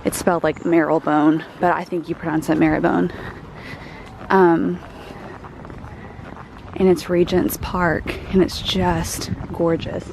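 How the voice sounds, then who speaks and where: A woman's voice: fairly low pitch, flat delivery, unhurried, long pauses, a little mellow, slight background noise. A young American woman chatting enthusiastically with many fillers as she films a travel vlog. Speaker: travel vlogger. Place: out of doors in a park and city.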